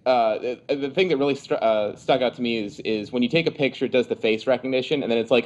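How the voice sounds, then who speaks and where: Male podcast guest, mid-pitched, measured and slightly halting. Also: lo-fi sound. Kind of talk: casual tech podcast chat.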